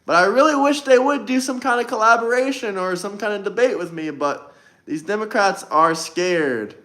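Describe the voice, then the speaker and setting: A man's voice: sits high, moderate pace, pushed and bright. A man hosting a political livestream, talking combatively and boastfully, often repeating a phrase for emphasis. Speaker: livestream host. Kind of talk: political livestream debate talk.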